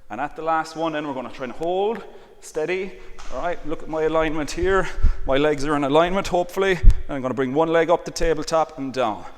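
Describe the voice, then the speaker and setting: A man leading an exercise class, calmly cueing breaths and counting reps, with "all right" again and again. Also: on the high side, brisk. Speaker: exercise instructor. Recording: long reverb, faint background noise.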